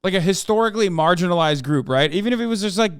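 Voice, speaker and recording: A man reacting to a clip on his live stream, swearing freely and growing incredulous as he argues his point. His voice sits a little high for a man and sounds smooth and resonant. The sound is close and dry, with no room around it. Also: rapid-fire, no room sound. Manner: animated, profane, incredulous ranting.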